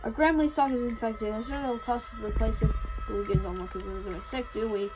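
A woman's voice: fairly high pitch, fairly even intonation, fast, music in the background, poor audio. A young woman giving casual commentary as she plays a game, reading out the characters' lines and answering them. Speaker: gamer.

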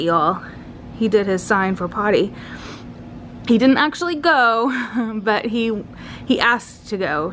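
A mother who runs a family vlog talks casually indoors at home, her voice medium in pitch with a little background noise. Filmed on a handheld camera, she frequently laughs and uses a sing-song tone with her kids.

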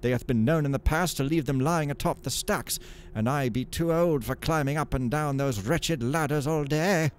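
A man's voice: fairly high pitch, moderate pace, few pauses, slight background noise, voice pushed up, lightly acted. A man voicing a fussy, forgetful old male monk librarian who muses in archaic speech while reading a game journal. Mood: fretful musing. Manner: archaic, musing, slightly pompous.

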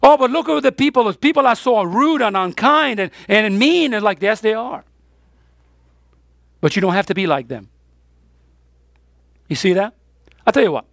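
Gravelly-voiced woman preaching a sermon. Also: on the high side, lively intonation, normal speed, long pauses, no room sound, studio quality. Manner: emphatic call-and-response questions. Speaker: pastor. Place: church.

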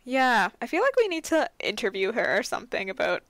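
A woman's voice: fairly high pitch, big pitch swings, fairly quick, fairly bright tone, no echo. A young adult woman co-hosting a casual book podcast, laid-back and giggly, with plenty of fillers. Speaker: podcast co-host.

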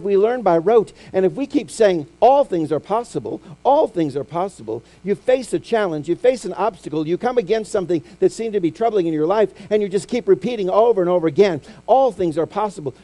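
A middle-aged male preacher delivers a storytelling sermon in a lively, sing-song voice that sits slightly high. His tone stays dark and mellow, and he moves easily between loud, acted-out lines and quiet, intimate moments. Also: brisk, hardly any pauses. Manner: animated storytelling preacher, acting out quotes with big swings from loud to hushed. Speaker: pastor.

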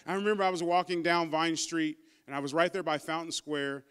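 A man's voice: on the high side, flat delivery, normal speed, a bit bright, clear, resonant tone. A man pastor preaching a sermon, emphatic and calling out to his congregation, and stumbling over his words when emotional. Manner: stammers and repeats when emotional.

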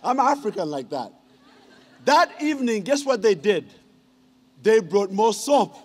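In an unhurried, sing-song delivery, a Ugandan man gives a humorous speech at a ceremony where he's receiving an honorary degree. His high voice is a little mellow and slightly rough, and he teases the audience with questions.

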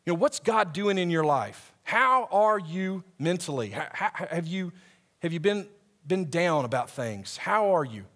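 A man's voice: high voice, very animated, a bit bright. A young male camp director preaching a conversational sermon, asking the audience questions and reading scripture aloud. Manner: reads scripture aloud at a quicker pace. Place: church hall before a live audience.

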